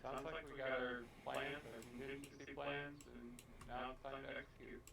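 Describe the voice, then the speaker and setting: A man playing a tabletop role-playing game, talking in an animated, haggling way with frequent restarts. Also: mid-range voice, moderate pace, creaky, background noise. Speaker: player.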